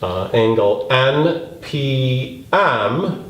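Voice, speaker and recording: A man's voice: mid-range voice, expressive, drawn-out words, a bit bright. A man teaching a geometry proof lesson, thinking aloud as he works and stressing key words. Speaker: math teacher. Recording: echoey room, faint noise.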